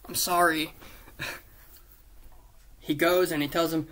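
A man rambling casually through a movie pitch, swearing freely and mocking himself as he goes. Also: little pitch movement, slow, long pauses, fairly bright tone. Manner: profane, rambling, self-mocking, with silly put-on voices. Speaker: YouTuber pitching a movie idea.

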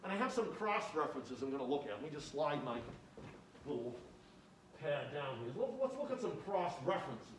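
High-voiced pastor preaching in an echoey church. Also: male voice, very animated. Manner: slows down to read scripture with emphasis. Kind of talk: sermon. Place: church sanctuary. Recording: echoey room, voice from a distance, faint noise.

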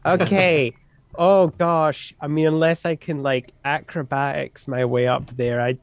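A man's voice: fairly high pitch, fairly even intonation, a little slow, a little hiss or hum. A man playing a tabletop game over voice chat, rambling and hesitant with frequent giggles. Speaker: player.

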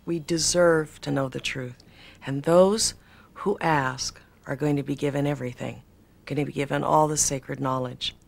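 A woman's voice: low voice, steady tone, moderate pace, creaky. A woman in an archive interview, telling her story with breathless wonder.

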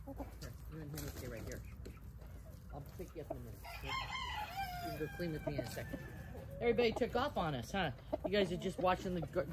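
A fairly low-pitched woman's voice comes through a very noisy recording full of clucking chickens and birds. She narrates a casual farm vlog as she does chores outdoors, talking to viewers and alternately scolding and coaxing her chickens.

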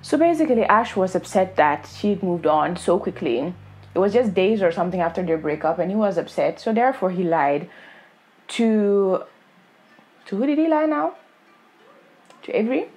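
A woman's voice: medium pitch, animated, normal speed, pauses often, darkish tone. A woman vlogger giving casual, opinionated reaction commentary in a blunt, sassy way.

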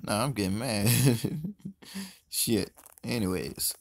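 A man giving casual, excitable commentary while playing a mobile game, swearing often and swinging between loud outbursts and low mutters. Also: a little slow, vocal fry, no room sound.

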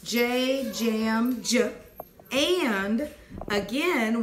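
A woman teacher leading a phonics dictation lesson, clearly sounding out letters and words and praising answers. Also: a little high, lively intonation, extremely slow, music in the background. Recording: echoey room with faint noise.

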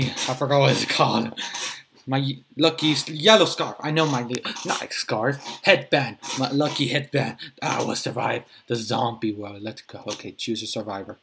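A man hosting his own gaming channel, giving flustered, excitable let's-play commentary that often repeats itself. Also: medium pitch, moderate pace, creaky, a little hiss or hum.

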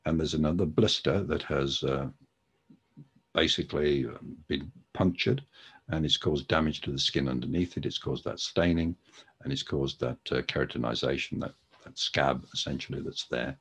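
A man's voice: very deep voice, normal speed, a bit bright, breathy edge. A man giving a webinar lecture on podiatry, talking conversationally with frequent ums and restarts.

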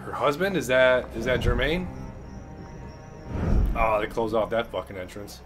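A man's voice: mid-range voice, expressive, unhurried. A young man giving loose, profane, hyped commentary while playing a video game. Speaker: gaming channel commentator. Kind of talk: casual gameplay commentary. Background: game music.

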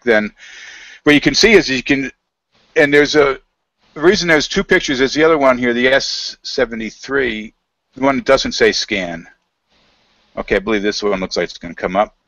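A man telling a rambling story in a casual, halting way, full of fillers and quoted dialogue, over a video call. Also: mid-range voice, a bit bright, no room sound. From United States.

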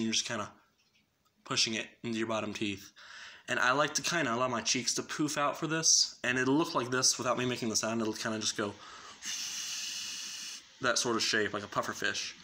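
A man's voice: mid-range voice, bright, forceful tone. A man casually explaining extreme metal vocal technique in a loose, rambling way, with lots of fillers. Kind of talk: casual spoken tutorial.

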